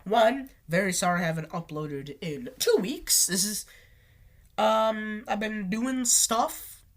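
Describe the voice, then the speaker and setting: Speaking slowly in a medium-pitched, lively voice that sounds sick, a woman hosting a storytime video tells her channel a personal story. She rambles casually, restarting and correcting herself along the way.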